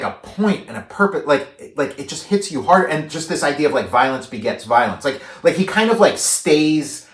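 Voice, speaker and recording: Rambling man in a roomy room. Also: fairly high pitch. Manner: rambling, many likes and restarts, animated when paraphrasing. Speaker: podcast co-host. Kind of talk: casual movie discussion. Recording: roomy echo.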